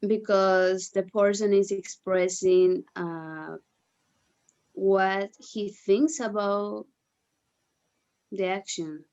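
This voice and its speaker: A woman's voice: mid-range voice, steady tone, drawn-out words, pauses often, a little mellow, muffled recording. A woman student who answers her teacher in English with hesitant, careful replies, heard from across the classroom.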